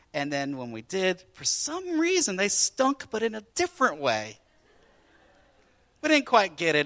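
A male pastor preaching with animated storytelling, swinging from loud bursts to hushed asides. His voice sits fairly high and sounds bright and forceful. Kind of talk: sermon.

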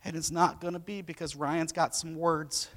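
A man preaching a sermon, moving between quiet storytelling and loud, impassioned preaching. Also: on the high side, flat delivery, normal speed. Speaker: pastor.

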